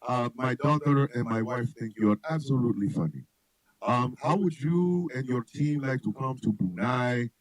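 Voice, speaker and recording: A man voicing a formal, wealthy ruler making a polite offer, pausing with fillers. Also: medium pitch, voice pushed down, lightly acted, low-quality recording.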